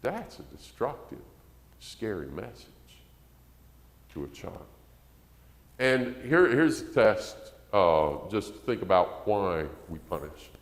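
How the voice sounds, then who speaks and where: A man's voice: on the low side, sing-song, slow pace. A man preaching a conversational sermon, acting out quotes and rising to emphasis. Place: church sanctuary. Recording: echoey church hall.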